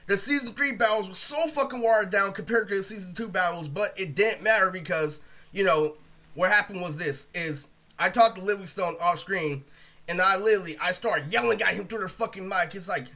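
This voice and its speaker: A man's voice: high voice, a little fast, sharp tone. A young man ranting casually in a rambling, profane way, saying "literally" over and over. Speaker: video creator. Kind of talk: casual storytime rant.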